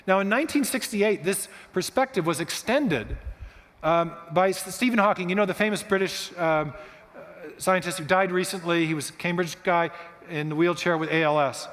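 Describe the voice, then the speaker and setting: A man giving a lecture-style guest talk, explaining in a lively storytelling manner that often stops and restarts. His voice is fairly high for a man. The sound carries the long reverb of a large church hall. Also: normal speed. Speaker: guest speaker.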